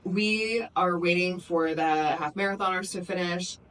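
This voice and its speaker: A woman's voice: on the low side, unhurried, fairly bright tone, recorded from a distance, poor audio. A young woman co-hosting a podcast, telling stories in casual chat and saying "like" a lot. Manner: chatty storyteller, heavy use of "like". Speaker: podcast co-host.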